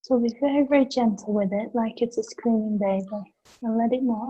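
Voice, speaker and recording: A woman facilitating a gentle guided session, speaking softly and soothingly with simple images. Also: fairly high pitch, steady tone, slightly rough, highs cut off. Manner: soft, slow and soothing, with imagery. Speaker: energy work facilitator.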